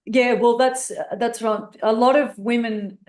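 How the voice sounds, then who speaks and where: A woman's voice: on the high side, fairly even intonation, measured pace, darkish tone, roomy sound. A woman with an Australian accent telling her life story candidly as a podcast guest, blunt and swearing freely. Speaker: guest speaker and author.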